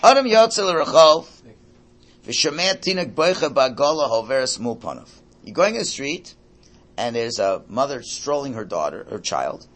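An older man teaching a religious class to a room, lively and animated, often checking in with his listeners. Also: medium pitch, normal speed. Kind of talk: lecture to a class.

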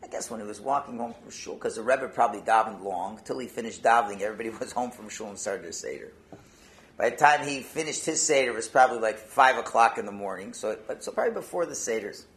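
Speaking quickly with lively intonation and a fairly low pitch, this rabbi gives a Torah talk built around a Hasidic story. Yiddish and Hebrew words pepper his speech, and he moves between hushed and loud.

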